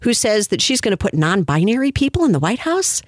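A man's voice: sits high, very animated, a little fast, dry recording, clean studio sound. A man giving mocking, incredulous commentary on a song and reading its lyrics aloud. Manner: mocking, incredulous, laughing asides.

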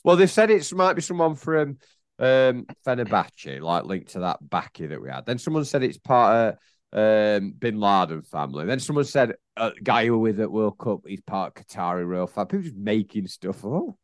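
A man's voice: on the low side, very animated, normal speed, dry recording, studio quality. A man co-hosting a podcast, telling jokey rambling stories in casual chat. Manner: rambling, jokey storytelling with fillers. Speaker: podcast co-host.

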